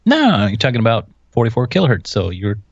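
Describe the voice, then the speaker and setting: A man's voice: mid-range voice, huge pitch swings, brisk, gravelly, dry recording. A man co-hosting a casual live stream, joking around and trading banter. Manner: jokey, throws in silly voices and laughs. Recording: dull lo-fi sound.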